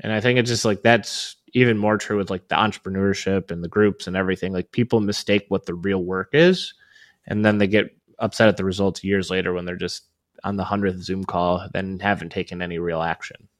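Guest, male, 30s, lowish pitch, dry close mic; loose, rambling, filler-heavy conversational delivery. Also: steady tone, brisk, no room sound. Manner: rambling, lots of "like" fillers and restarts. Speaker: podcast guest, real estate investor. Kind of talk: casual interview chat.

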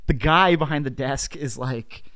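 A man's voice: medium pitch, unhurried, clear, resonant tone. Rambling man telling a story. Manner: rambling, fills nearly every phrase with "like"; animated anecdote telling. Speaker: podcast host. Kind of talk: casual storytelling chat.

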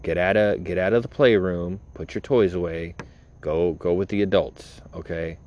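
A man's voice: low voice, steady tone, moderate pace, darkish tone. A man hosting a talk show, ranting in a sarcastic, rambling way with lots of swearing. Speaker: podcast host. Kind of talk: comedic rant.

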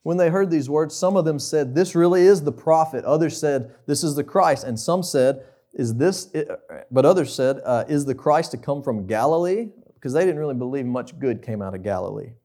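A man's voice: mid-range voice, animated, moderate pace, warm tone. A young man preaching a conversational sermon, asking the listeners questions.

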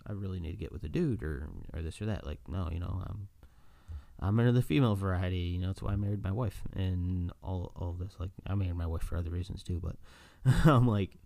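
Deep-voiced male podcaster, solo casual rant, lively storyteller who mimics people, dry sound. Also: gravelly, no echo. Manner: animated storytelling, acts out quoted voices, laughs often. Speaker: podcast host. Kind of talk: casual monologue.

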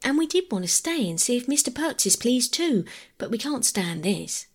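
A woman reading aloud and voicing an earnest, blunt young boy with a raised, husky voice. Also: fairly high pitch, big pitch swings, moderate pace, voice pushed up. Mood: impatient.

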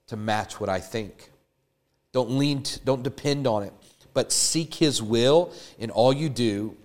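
A man preaching a sermon, building emphatic repeated lines that rise in fervor. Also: mid-range voice. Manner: emphatic, rising to fervent repetition.

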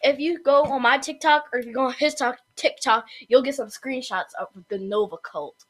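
Chatty young woman, slightly high voice. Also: moderate pace. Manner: chatty, full of fillers, giggly. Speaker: podcast co-host. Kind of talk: casual chat.

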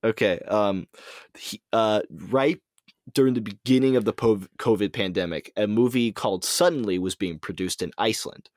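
A man's voice: fairly low pitch, normal speed, darkish tone, no room sound, studio quality. A man co-hosting a podcast, relaying movie news in casual chat, hesitant with lots of ums and restarts. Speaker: podcast co-host.

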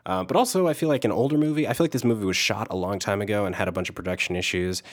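A man hosting a casual movie podcast, talking in an animated way, often laughing. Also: on the low side, racing. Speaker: podcast host.

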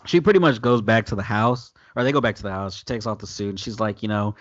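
Low-voiced man, profane casual recap. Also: fast talker, few pauses, dry recording, dull audio. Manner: loose, profane, animated retelling with quoted voices. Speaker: podcast host recapping an episode.

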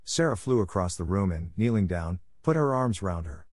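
A man narrating a classic novel as an audiobook for language learners, reading in a measured, clear way. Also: low-pitched, expressive, a little mellow, no echo, studio quality.

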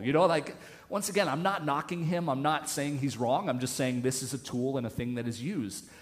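A man's voice: mid-range voice, fairly quick. A man preaching a conversational sermon in church, telling a story casually with many restarts. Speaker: pastor.

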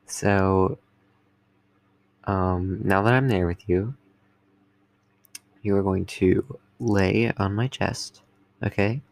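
A young man speaks in a low, gravelly voice, recording a soothing personal message for his partner. He reassures gently and coaxes with light, playful nudges. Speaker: boyfriend recording a comfort message.

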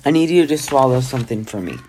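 A gentle, fussy healer who soothes his patient and frets at the same time, in a reader's own near-everyday voice. He talks kindly and plainly, a little anxious underneath, in a homemade storybook reading. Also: medium pitch, expressive, fast talker, a little hiss or hum, natural voice. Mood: reassuring. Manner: gently reassuring, a bit fretful. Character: kind fussy male healer, wild-haired.

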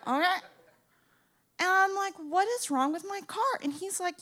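A young woman from Florida telling a comic story, acting out the people in it and swinging from loud to hushed. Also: very high voice, normal speed. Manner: animated, acts out voices, swings from loud to hushed.

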